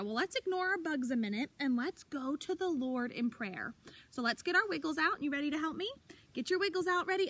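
Female preschool teacher with a high voice, upbeat and encouraging with little children, recorded outside. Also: a little fast, no echo. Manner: animated, encouraging, speaks to young children. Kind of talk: child-directed circle time lesson. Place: outdoors.

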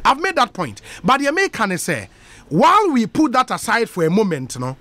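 An earnest Ghanaian man makes his case on a talk radio show, his voice high and animated. He argues in a measured, deliberate way. The studio sound is close and dry. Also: no room sound.

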